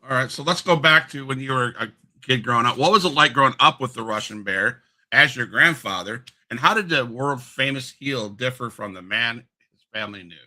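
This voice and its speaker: A man's voice: mid-range voice, fairly quick, pushed and bright, rough recording. A man hosting an interview, asking friendly questions and often restarting mid-sentence. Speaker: interview host.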